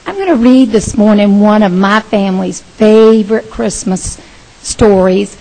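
A woman leading children's time at church, reading a picture book aloud in a gentle, expressive storyteller's way. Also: medium pitch, measured pace, low-quality recording. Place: church sanctuary.

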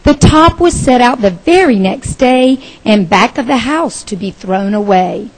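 A woman leads children's time in a church, reading a Christmas picture book aloud with gentle expression. She takes it slowly, her voice sitting a touch high and warm with storytelling lilt. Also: animated, poor audio. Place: church sanctuary.

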